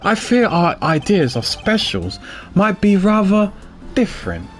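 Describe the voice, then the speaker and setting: A man's voice: high-pitched, sing-song, unhurried, soft background music. A man voicing a proud, formal male prosecutor, reading video game dialogue in a precise, dry manner. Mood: stern, dry.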